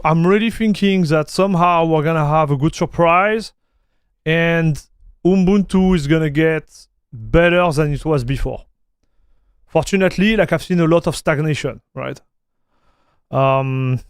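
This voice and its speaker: A man with a French accent chats loosely on a live tech stream while installing software, using lots of fillers and repeated words. His voice is on the high side and smooth, in a dry, studio-quality recording.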